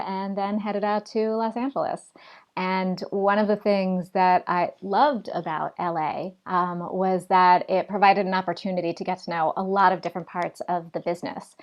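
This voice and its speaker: A woman in her forties, a television host and writer, answering interview questions in a fluent, articulate conversational way on a video call. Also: fairly low pitch. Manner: articulate, fluent storytelling with occasional fillers.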